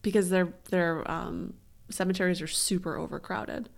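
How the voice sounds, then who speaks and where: A woman's voice: lowish voice, steady tone, normal speed, creaky. A woman co-hosting a chatty podcast, joking and swearing sarcastically. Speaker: podcast co-host. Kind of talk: casual chat.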